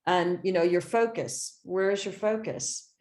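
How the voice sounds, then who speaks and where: A woman's voice: on the low side, unhurried, darkish tone, echoey room. A woman coaching a group over a video call, explaining with examples and rhetorical questions. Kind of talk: casual coaching talk.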